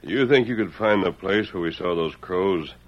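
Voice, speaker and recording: A commanding hero rider who speaks briskly and sure. The voice is low and husky with wide swings, heard on a dull old radio recording. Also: male voice. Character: commanding masked male rider, calm hero. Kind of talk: 1940s radio acting.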